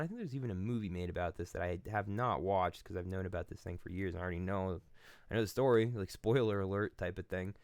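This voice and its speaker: A man's voice: lowish voice, smooth, dry recording. A man hosting his channel, giving a casual philosophical monologue in blunt, profane storytelling that acts out the people he quotes. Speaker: channel host.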